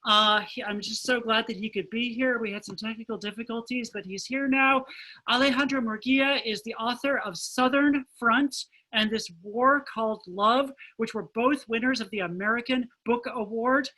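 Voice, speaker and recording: A woman with a slightly high voice hosts an online poetry evening over a video call. She introduces the next reader with enthusiasm and reads his biography from notes. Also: sharp tone, rough recording. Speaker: event host.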